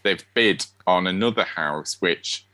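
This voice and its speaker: A man with a Sheffield accent co-hosts a podcast, his voice low-pitched, unhurried, pushed and bright, with no room sound. He chats casually, giggling as he rambles.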